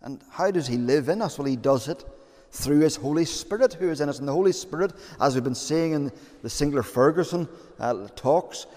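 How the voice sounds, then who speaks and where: A man's voice: fairly high pitch, expressive, normal speed, warm tone. A man preaching a sermon as pastor, earnest and conversational, with fillers and repeated phrases. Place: church. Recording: long church reverb.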